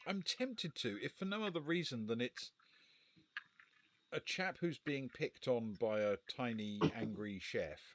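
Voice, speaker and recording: A man with an animated, up-and-down voice reads out a gamebook and talks through the choices with dry, understated humour. A faint hiss sits under his voice. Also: mid-range voice, a little slow. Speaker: co-host reading the gamebook. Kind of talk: casual live-stream gamebook play-through.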